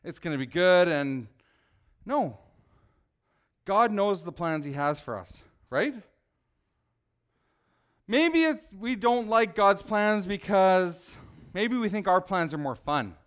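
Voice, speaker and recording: Chatty preacher man with a high, smooth voice. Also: animated, slow pace, pauses often, fairly bright tone. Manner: conversational, asks the audience questions, acts out people. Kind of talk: casual sermon.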